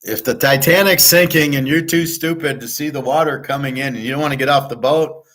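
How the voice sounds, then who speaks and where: A man's voice: mid-range voice, a little fast, a bit bright. Blunt, profane man ranting. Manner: tells stories by acting out both sides. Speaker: sports handicapper and show host. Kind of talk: unscripted ranting monologue.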